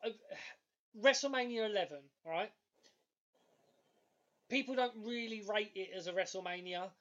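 Male podcast co-host, high voice, excitable storyteller, muffled lo-fi recording. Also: moderate pace. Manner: excitable, animated storytelling with loud bursts. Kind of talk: casual chat.

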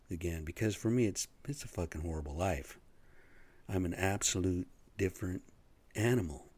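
A man's voice: low voice, a little mellow. A middle-aged man talking in a blunt, profane, rambling monologue, getting worked up as he goes. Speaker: vlogger.

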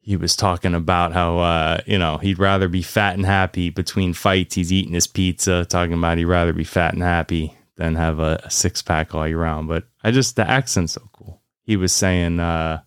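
A man's voice: low voice, fairly even intonation, moderate pace, few pauses, clean tone, no room sound, clean studio sound. A man hosting a podcast, talking in a rambling, profane, casual monologue full of "you know" and "like", laughing easily at his own jokes. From United States. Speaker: podcast host.

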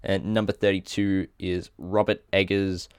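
A man's voice: low-pitched, level tone, unhurried, darkish tone, clean tone, no room sound, clean studio sound. A man with an Australian accent co-hosting a casual podcast, reading out a list and stumbling over hard names with small self-corrections. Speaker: podcast co-host.

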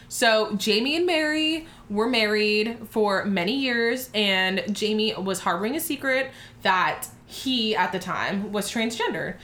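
A woman co-hosting a casual chat show, telling a story in a brash, profane, animated way. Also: medium pitch, echoey room. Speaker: podcast co-host.

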